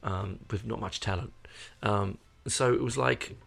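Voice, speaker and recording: Tired, gravelly Australian man rambling casually. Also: on the low side, a little slow, fairly bright tone. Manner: rambling, hesitant, many fillers. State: tired, yawning. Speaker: podcast host. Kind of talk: casual chat to viewers.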